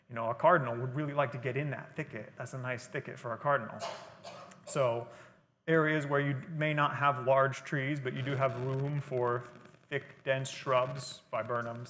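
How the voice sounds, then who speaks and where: Man, explanatory lecture, casual fillers, long hall reverb, mid pitch. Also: fairly bright tone. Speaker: guest speaker. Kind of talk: library lecture on gardening. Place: library talk room.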